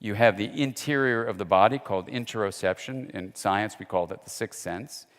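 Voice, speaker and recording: A man's voice: on the low side, normal speed. A man giving a lecture in a conversational, storytelling way. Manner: conversational storyteller, acts out quoted dialogue. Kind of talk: lecture with anecdotes. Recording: long hall reverb.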